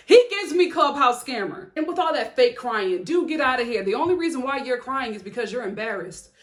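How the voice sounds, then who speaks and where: A woman's voice: high voice, moderate pace, hardly any pauses. Sassy, heated woman recapping reality TV. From Chicago. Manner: sassy, heated, animated, laughs often. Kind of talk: opinionated reality-show recap.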